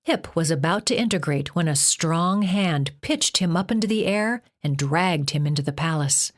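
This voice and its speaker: A woman narrating a novel as an audiobook in a measured reading. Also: deep voice. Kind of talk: scripted narration.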